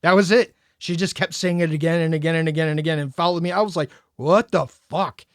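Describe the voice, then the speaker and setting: A man co-hosting a podcast recounts a story in casual chat and performs the quoted lines with animation. His clear, resonant voice is on the high side, fairly even in intonation and quick in pace, captured in clean studio sound with no room noise.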